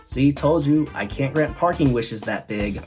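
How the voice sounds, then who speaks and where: A man voicing a smug male magic talking fish, lifting his voice high and turning down wishes in a matter-of-fact way. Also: lively intonation, a little slow, over loud music, lightly acted.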